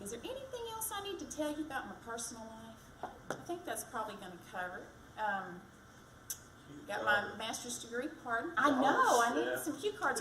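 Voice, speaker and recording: A woman giving a chatty, self-deprecating campaign speech for county treasurer at a community event. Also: fairly high pitch. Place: fire department community event. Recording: echoey, distant mic, background noise.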